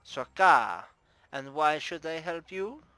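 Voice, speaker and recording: A man's voice: fairly high pitch, lively intonation, slow, pushed and bright, no room sound, pitched above the performer's own voice, exaggerated voice, low-quality recording. A man voicing a shrewd, playful madam who runs her house with formal, teasing grace, in a put-on Russian accent. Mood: gracious. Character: shrewd playful female brothel madam, middle-aged. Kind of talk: tabletop game character voice.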